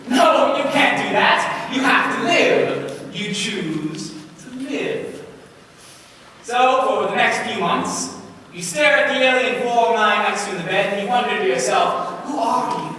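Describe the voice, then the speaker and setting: On a live stage, a man plays a rueful middle-aged man who rambles along in a fairly high voice that swoops up and down. The sound is caught from far back in a big, echoey hall. Audience murmur sits underneath. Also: bright, forceful tone, a little hiss or hum, heavily acted. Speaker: stage actor. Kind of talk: live stage musical acting. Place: theatre stage.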